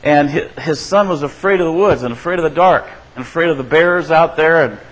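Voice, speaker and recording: Speaking fairly quickly over poor audio, this man preaches as a pastor in a conversational way. He frequently asks his listeners "right?" and performs quoted voices with changes in pitch and volume.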